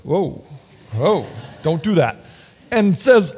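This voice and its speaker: A man preaching a sermon in an earnest, halting way, often restarting his sentences. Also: sits high. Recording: long hall reverb.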